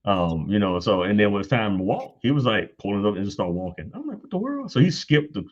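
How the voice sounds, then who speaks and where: Guest speaker, thirties, very low voice, lively storyteller who jumps up high for quotes; muffled lo-fi recording. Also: male voice, fairly quick. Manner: animated, laughs often, acts out quotes in high voice. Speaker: guest on church panel. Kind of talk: casual storytelling.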